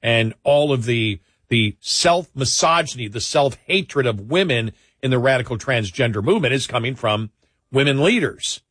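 A man from New York co-hosting a talk radio show, arguing in an animated way and acting out mocking quotes. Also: mid-range voice, moderate pace, slightly rough, dry recording, clean studio sound. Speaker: radio co-host.

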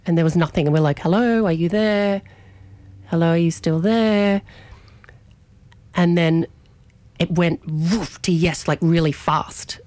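Woman, radio host, animated storyteller, slightly low voice, dry close sound. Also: no echo. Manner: animated, chatty, many restarts. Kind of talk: casual storytelling chat on radio.

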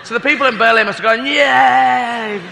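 A man's voice: extremely high pitch, racing, vocal fry. A man doing stand-up comedy, rambling and self-mocking, with sweary asides. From Britain. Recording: reverberant hall with loud crowd noise.

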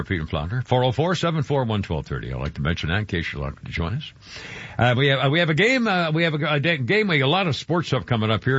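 A man's voice: lowish voice, fairly bright tone, breathy edge. A man hosting a radio talk show, rambling, joking and often breaking off mid-sentence. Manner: rambling, self-interrupting, jokey. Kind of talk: casual radio banter. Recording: dull lo-fi radio broadcast.

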